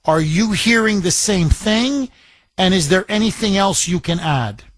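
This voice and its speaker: A man's voice: sits high, lively intonation, a little slow, no echo. A man hosting a talk radio show, firing pointed questions at a caller.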